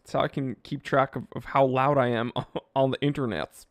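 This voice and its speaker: A man hosting a casual live stream, reading viewer comments aloud and joking about himself in a lively, self-deprecating way. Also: mid-range voice, normal speed, no room sound, highs cut off. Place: home studio in California. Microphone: wearing headphones, close mic.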